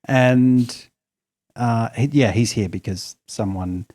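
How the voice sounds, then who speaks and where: A man's voice: medium pitch, takes it slowly, warm tone. A man co-hosting a comedy podcast, giving wry, dry commentary in casual chat. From Australia. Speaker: podcast co-host.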